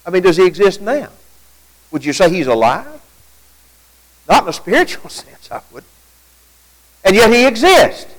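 A man delivers a sermon to his congregation in a high-pitched voice. His delivery is very animated, with wide swings of pitch as he poses rhetorical questions. He reads quotations aloud and then answers them. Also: moderate pace, pauses often, poor audio. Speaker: preacher. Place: church gathering at night.

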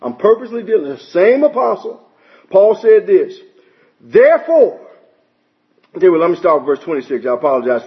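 A high-pitched male preacher delivering a sermon with emphatic force, firing off rhetorical questions and citing scripture by chapter and verse. The recording is dull and lo-fi, with the top end muffled. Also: big pitch swings, a little fast, pauses often.

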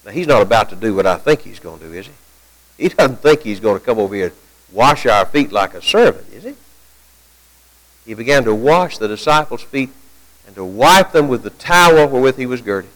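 A man preaching a sermon in a conversational way, asking rhetorical questions and climbing higher and louder when he quotes scripture. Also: lively intonation, a little fast, low-quality recording.

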